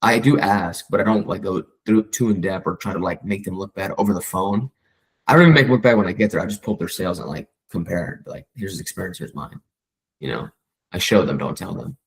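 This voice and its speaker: This man has a low-pitched, husky voice, and the audio is poor. He's a real estate agent giving a colleague some casual coaching, rattling along with energy and playing out his client calls in different voices.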